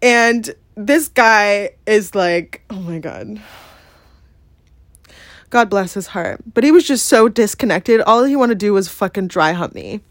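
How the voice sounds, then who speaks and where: A woman's voice: mid-range voice, lively intonation, measured pace, hardly any pauses, dry recording, clean studio sound. A woman hosting a podcast, telling a personal story in a candid, emphatic way full of swearing and "like". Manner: emphatic and profane, heavy use of "like" and "yeah?". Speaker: podcast host.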